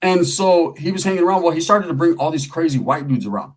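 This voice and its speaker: A man's voice: on the high side, animated, fast, low-quality recording. A middle-aged man from California telling prison and neighborhood stories in casual, profane street slang. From Merced area, California. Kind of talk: casual storytelling.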